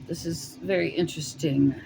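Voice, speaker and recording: A woman's voice: low voice, steady tone, moderate pace, creaky, noisy background. A woman with a New York accent giving a casual tarot reading, thinking aloud with plenty of fillers. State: warm and winded after shoveling. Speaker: tarot reader. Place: home in Colorado.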